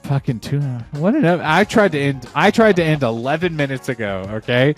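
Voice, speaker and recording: A man in his thirties co-hosting a podcast in casual chat, rambling and excitable, swearing often, with a parent's warmth about films. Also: fairly high pitch, moderate pace, soft background music. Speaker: podcast co-host.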